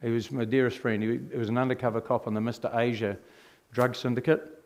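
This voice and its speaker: A middle-aged New Zealander tells his life story as a testimony, speaking fast and with lots of animation. He keeps turning to the audience with rhetorical questions, and his voice has an ordinary male pitch.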